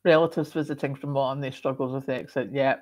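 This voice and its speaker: A woman's voice: a bass voice, steady tone, quick pace, darkish tone. A middle-aged woman from Scotland with a moderated Scottish accent, hosting a livestream and chatting casually as she reads out viewer comments, with frequent coughs and ums. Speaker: livestream host.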